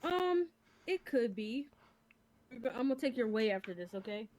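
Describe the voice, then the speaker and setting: A woman playing a calm, polite female doctor in a game role-play, pausing with ums now and then. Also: fairly high pitch. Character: patient female doctor at a clinic.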